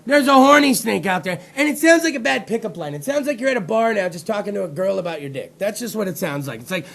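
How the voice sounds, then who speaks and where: A man hosting a talk show, delivering a rowdy, profane comedic rant with loud outbursts. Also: high voice, animated, quick pace, gravelly.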